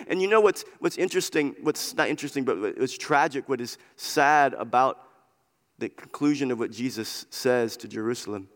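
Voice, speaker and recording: Driving his message home through repeated phrases, this pastor preaches with passion at a moderate pace. His pitch runs fairly high, and the recording carries a long hall reverb.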